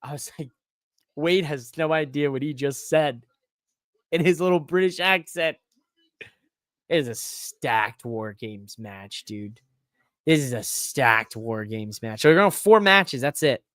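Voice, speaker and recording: A man hosting a podcast alone, talking in an excitable, rambling way that swears freely. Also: medium pitch, unhurried, no echo, clean studio sound. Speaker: podcast host. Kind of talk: casual solo wrestling recap.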